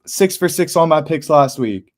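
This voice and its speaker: A man's voice: on the high side, lively intonation, moderate pace, background noise. A young man hosting a live fight watch party, talking casually and bluntly with slang and swearing. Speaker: livestream host.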